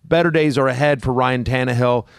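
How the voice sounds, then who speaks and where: A man co-hosting a fantasy football show in a relaxed, chatty way, often restarting his sentences. His voice sits in an ordinary middle register. The sound is close and dry, with no room in it. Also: medium pitch, brisk, smooth, dry recording. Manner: conversational, hedging with fillers. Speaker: podcast co-host. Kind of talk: fantasy football podcast chat.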